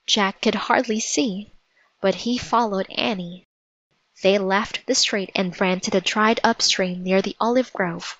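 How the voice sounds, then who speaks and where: A woman narrating a storybook in a measured, vivid read-aloud manner. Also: medium pitch, fairly even intonation, fairly bright tone, no room sound, muffled recording.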